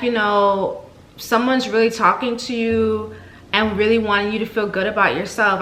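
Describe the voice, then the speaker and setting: A woman hosting a podcast, reading soft repeated affirmations and then chatting casually and excitably. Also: medium pitch, reverberant. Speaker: podcast host. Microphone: desk mic with camera.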